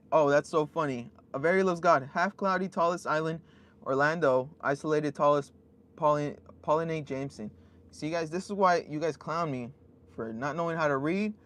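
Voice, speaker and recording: A man streaming from inside his van, his voice sitting a little high for a man. He reads chat messages aloud in a relaxed, unhurried way and often trips over the usernames. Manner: laid-back, reads chat names haltingly. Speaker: streamer reading live chat. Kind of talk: casual live-stream chat.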